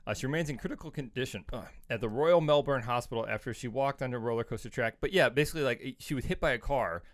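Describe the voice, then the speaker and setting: A man's voice: medium pitch, fast. A man co-hosting a podcast in casual chat, talking bluntly and swearing freely. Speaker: podcast co-host.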